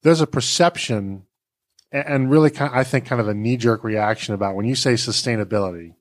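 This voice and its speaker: A man's voice: mid-range voice, brisk. A man hosting an interview, framing his questions with hesitant restarts and personal asides. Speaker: host. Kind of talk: interview questions, casual chat.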